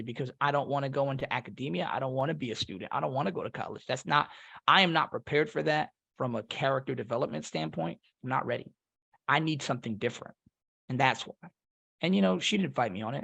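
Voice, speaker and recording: A man in his thirties, a Marine veteran, telling a story on a podcast in a casual, animated way and acting out the people he quotes. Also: medium pitch, fast talker, gravelly.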